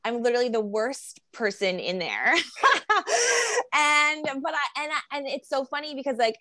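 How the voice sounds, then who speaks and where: A woman's voice: on the high side, expressive, moderate pace, sharp tone, dry recording. A woman guest on a podcast interview, talking in a rambling, reflective way with many fillers. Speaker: guest, body acceptance coach.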